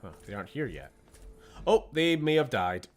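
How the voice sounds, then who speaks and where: A young Scottish man streams a game and chats casually, his medium-pitched voice swinging widely in pitch at a moderate pace. He mutters to himself and swears under his breath with a sarcastic edge, giving casual gameplay commentary.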